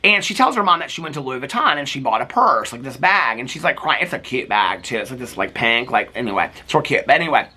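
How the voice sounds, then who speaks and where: Host, male, chatty gossip recap, bright ringing tone, mid pitch. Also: big pitch swings, fast, few pauses, husky. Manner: chatty and gossipy, full of fillers. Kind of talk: casual TV recap chat.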